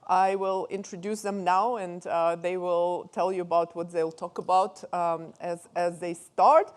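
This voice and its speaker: Woman with a Russian accent, halting. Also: fairly low pitch, steady tone, clean tone. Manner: halting, many fillers. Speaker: conference host introducing speakers. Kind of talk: conference introduction.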